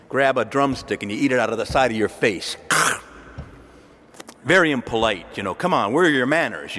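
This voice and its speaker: A man preaching a sermon in a lively, conversational storytelling way, acting out quoted dialogue. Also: on the high side. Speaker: Catholic preacher. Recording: long hall reverb.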